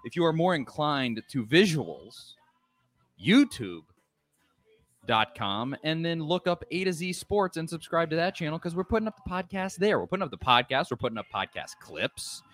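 A man's voice: fairly high pitch, sing-song, normal speed, a bit bright. Male sports podcast host: loose, joking at his own slips, voice swinging up and down. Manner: self-deprecating, rambling with restarts. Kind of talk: casual sports podcast chat.

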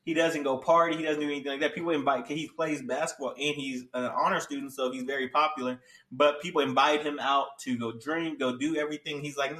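A man's voice: medium pitch, steady tone, quick pace, a bit bright. A man casually recapping an anime plot in a rambling, slangy way full of filler words. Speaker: anime reviewer. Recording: echoey room, distant mic.

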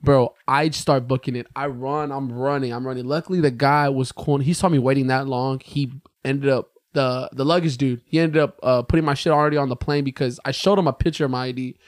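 Here the young American podcast co-host talks briskly with few pauses at a medium pitch, in a dry, studio-quality recording. He's animated and profane as he tells a story in casual conversation, raising his voice to quote himself.

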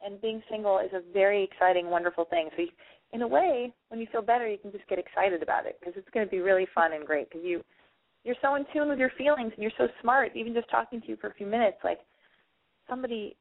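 A woman talks quickly through a narrow, tinny phone-line sound. She gives a caller rambling, reassuring advice and keeps repeating herself. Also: mid-range voice. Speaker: advice show host.

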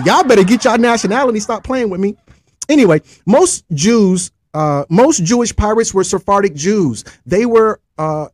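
A man hosting a livestream talks history to his chat in a high, lively voice that leaps all over the place. He repeats points call-and-response style and jokes between restarts. The sound is close and dry, with no room around it. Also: no echo. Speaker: livestream host. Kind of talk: casual livestream history lecture.

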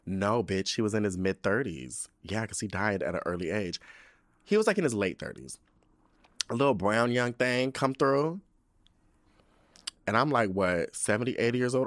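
A man's voice: medium pitch, lively intonation, normal speed, fairly bright tone, no room sound, studio quality. A man hosting a podcast, riffing in a casual, profane, gossipy comic monologue with big swings in his voice. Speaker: podcast host.

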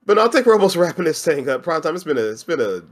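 A man co-hosting a casual podcast, telling a funny story with slangy, animated delivery and frequent laughs. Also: on the high side, rapid-fire. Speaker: podcast co-host. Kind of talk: casual chat.

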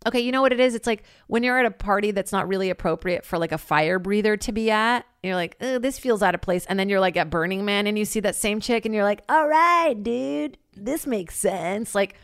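A woman's voice: mid-range voice, quick pace, hardly any pauses, clean tone, no echo, studio quality. A young woman telling stories in casual chat, rambling with lots of "like" and laughing often.

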